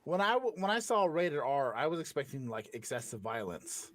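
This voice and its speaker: A man hosting a casual comedy podcast who talks in animated, joking bursts. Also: fairly high pitch, moderate pace, few pauses. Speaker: podcast host.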